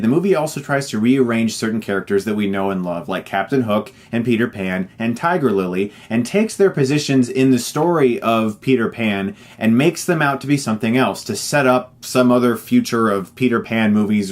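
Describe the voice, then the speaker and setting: Emphatic man reviewing a film. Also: medium pitch. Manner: emphatic, exasperated. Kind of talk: online movie review.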